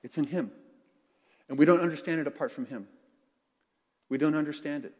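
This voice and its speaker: A pastor delivers his sermon in a lively, playful way, acting out voices and tossing in sound effects. His voice sits a little high for a man. The long reverb of the sanctuary hangs after each phrase. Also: fairly quick, husky. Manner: animated, playful preaching with sound effects and acted quotes. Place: church sanctuary.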